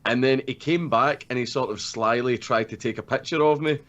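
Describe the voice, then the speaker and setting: A man's voice: mid-range voice, brisk, a bit bright. A young Scottish man spins a rambling, swear-laden story in loose podcast chatter, breaking into laughter often. His voice sits mid-range for a man, and the audio is a little dull and lo-fi. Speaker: podcast co-host telling a story. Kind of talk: casual storytelling chat.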